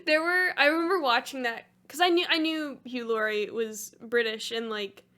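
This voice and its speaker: Bright-voiced young woman on a podcast. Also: on the high side. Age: young adult. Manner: chatty, laughs often, quick asides. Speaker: podcast co-host. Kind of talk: casual chat.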